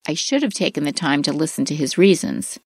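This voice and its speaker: Expressive middle-aged woman narrating advice. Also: deep voice, fairly quick, dry recording, studio quality. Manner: clear, expressive advice-giving delivery. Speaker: parenting course narrator. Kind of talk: scripted instructional narration.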